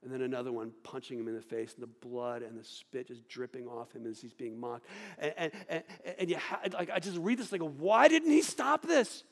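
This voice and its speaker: A man preaching a sermon, swinging between loud outbursts and hushed, low delivery. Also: a little fast, few pauses. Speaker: pastor. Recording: long hall reverb.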